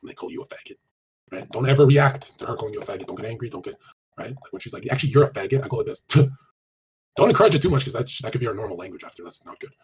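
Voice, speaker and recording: Fast-talking, crude male streamer. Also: fairly low pitch, slight background noise. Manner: crude, blunt and animated, swears a lot; rapid, run-on delivery with many fillers. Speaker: dating coach streamer. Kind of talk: casual live-stream advice, answering chat.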